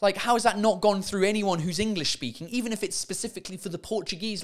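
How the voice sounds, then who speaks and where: A man's voice: sits high, expressive, fast. Chatty, sweary man hosting a comedy podcast. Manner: chatty and sweary, laughing at mistranslations. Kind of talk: casual comic monologue.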